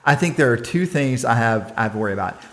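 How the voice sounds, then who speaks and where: A man's voice: medium pitch, fast talker. A man co-hosting a podcast, chatting casually about college football with lots of restarts and laughs. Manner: animated, restarts, laughs often. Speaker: podcast co-host. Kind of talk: casual sports chat.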